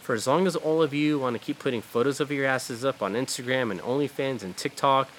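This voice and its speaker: A man of middle pitch holds forth in a loose, heated podcast rant, full of "like" and "dude" and blunt swearing. His talk rambles and restarts, then presses hard on a point. A faint noise floor sits under the recording. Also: brisk, fairly bright tone. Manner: blunt, profane, heated, lots of fillers. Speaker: podcast host. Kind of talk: casual ranting talk.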